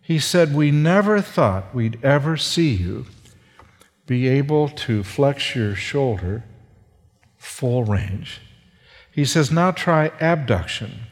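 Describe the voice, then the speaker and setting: Slow-speaking man preaching in a reverberant hall. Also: medium pitch, expressive. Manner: slow and halting, with many fillers and restarts. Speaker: seminary professor and preacher. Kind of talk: sermon testimony with slides.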